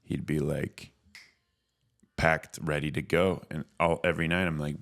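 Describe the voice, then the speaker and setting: A comedian from Canada with a very deep, low voice tells stories in a laid-back, casual way. He often breaks into laughter mid-story. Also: little pitch movement, unhurried, creaky, long pauses, a bit bright. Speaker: comedian and filmmaker guest.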